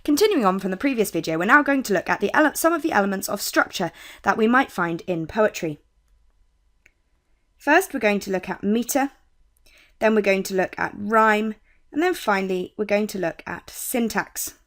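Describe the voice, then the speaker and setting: A young woman with a British accent, tutoring on poetry in a clear, measured way. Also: medium pitch, expressive, fairly bright tone. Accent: British English. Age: young adult. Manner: clear, measured teaching with quoted lines read slowly. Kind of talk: explaining poetry terms.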